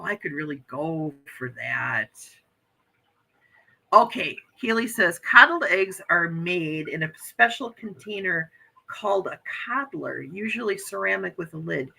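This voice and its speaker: A woman's voice: fairly low pitch, gravelly, bright, forceful tone, husky, rough recording. A woman in her fifties hosting a casual morning livestream chat, reading out viewer comments and gushing with frequent exclamations. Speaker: livestream host.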